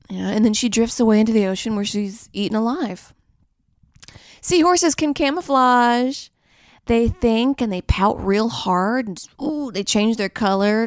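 A woman's voice: on the high side, measured pace, no room sound, clean studio sound. A young woman hosting a podcast, riffing through a crude, rambling comedic monologue. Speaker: podcast host.

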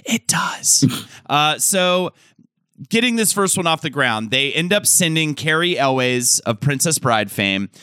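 Bright, dry-sounding male co-host. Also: fairly high pitch, big pitch swings, unhurried, clear, resonant tone, no echo. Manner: enthusiastic, chatty, with frequent fillers. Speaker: podcast co-host. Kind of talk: casual chat.

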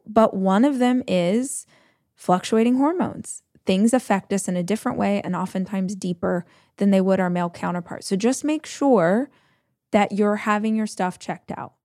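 A woman hosting an advice show talks in a loose, chatty way, with plenty of "like" and little acted-out quotes of other people's voices. Her pitch sits in a middle range for a woman. The sound is dry and close, with no room echo. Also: darkish tone. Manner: chatty storytelling, acting out quoted voices, frequent "like". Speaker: podcast host giving advice. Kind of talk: casual advice chat.

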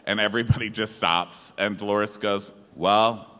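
A man's voice: lowish voice, moderate pace, bright, forceful tone. A man co-hosting a live comedy recap show, telling the story with jokey quoted voices. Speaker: podcast co-host. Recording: live venue with long reverb.

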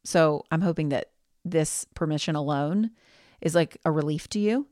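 A woman's voice: low voice, moderate pace, darkish tone, no room sound, clean studio sound. A woman hosting her own podcast, giving a candid, reassuring pep talk. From United States. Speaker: podcast host.

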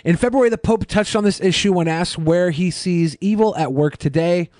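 A man with a fairly high voice co-hosts a loose podcast, reading news out loud and tripping over a few words as he goes. He jokes often. The sound is close and dry, with no room echo. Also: brisk, few pauses. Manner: jokey, stumbles over words while reading. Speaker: co-host. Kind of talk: casual podcast banter, reading news aloud.

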